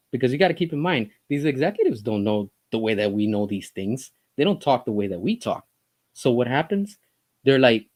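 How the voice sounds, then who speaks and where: A man's voice: medium pitch, sing-song, brisk, a little mellow. A man giving an opinionated commentary monologue as a vlogger, talking in an impassioned, emphatic way full of rhetorical questions.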